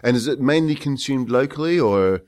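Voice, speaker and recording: A man with a New Zealand accent hosts a relaxed interview at a middling pitch. He keeps the talk chatty and jokey. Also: moderate pace. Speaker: host. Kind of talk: casual interview.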